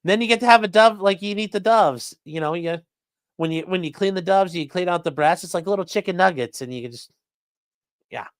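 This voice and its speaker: A man's voice: high-pitched, fairly quick, dry recording, clean studio sound. A man with a Great Lakes American accent hosting a casual livestream, rambling as he reads viewer comments aloud. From Midwestern United States. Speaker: livestream host. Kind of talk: casual livestream chat reading super chats.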